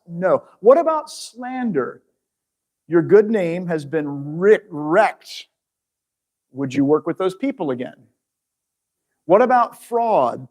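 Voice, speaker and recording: A man's voice: fairly high pitch, a little mellow. A man giving a conversational Bible teaching to viewers at home, asking the audience questions and restarting phrases as he goes.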